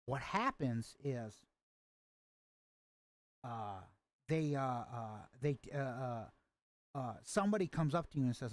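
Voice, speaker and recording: A man narrating as game master of a tabletop game, halting with many restarts and fillers. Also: medium pitch, expressive.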